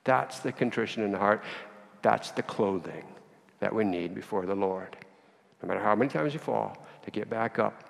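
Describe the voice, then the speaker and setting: A man giving a sermon, telling a story with acted dialogue in an animated way. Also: on the low side, moderate pace, vocal fry. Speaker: priest. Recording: long reverb of a church hall.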